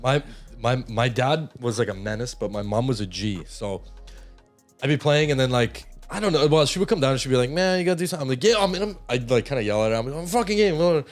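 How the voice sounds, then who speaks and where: Energetic young man telling stories. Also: mid-range voice, brisk, soft background music. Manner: energetic, loud storyteller. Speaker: podcast co-host. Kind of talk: casual storytelling chat.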